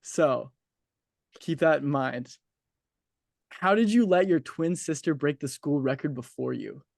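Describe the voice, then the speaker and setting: A young man in his twenties leads a casual interview with a somewhat high voice. He talks in a chatty, easygoing way, laughs easily and leans on filler words. The sound is dry and close. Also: unhurried, gravelly, darkish tone, dry recording.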